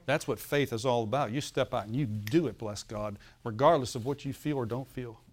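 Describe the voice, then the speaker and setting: A man's voice: medium pitch, brisk. A male pastor preaching a sermon, telling a story and often asking the congregation for an amen, with a laugh now and then.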